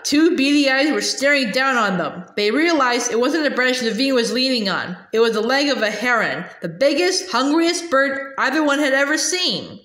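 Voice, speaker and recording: A woman reading a children's novel aloud, halting and repeating words with many uhs. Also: high voice, fairly bright tone, echoey room. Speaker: reader.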